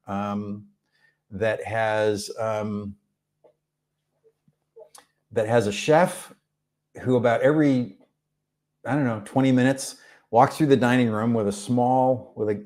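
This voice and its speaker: A man hosting a music channel, chatting casually on a live stream, answering viewer questions in a rambling, relaxed way with many fillers. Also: medium pitch. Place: rented room abroad.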